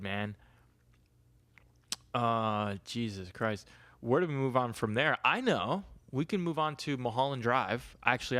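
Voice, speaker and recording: A man's voice: medium pitch, fairly bright tone. Crude, rambling young man podcasting. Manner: crude, rambling, swears a lot. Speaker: podcast host. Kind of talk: casual solo podcast talk.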